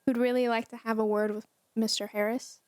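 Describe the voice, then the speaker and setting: A woman's voice: on the high side, little pitch movement, fairly quick, a little mellow, no room sound, close to an everyday voice. A woman reading aloud the lines of a pushy male private investigator in a game, in her own voice. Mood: probing. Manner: reads his lines plainly in her own voice.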